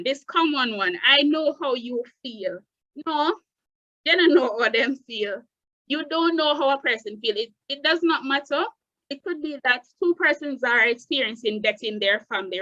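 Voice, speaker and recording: A woman's voice: a little high, bright, forceful tone, no room sound, highs cut off. A woman with a Jamaican accent, a guidance counsellor giving an earnest, emphatic presentation on a talk show.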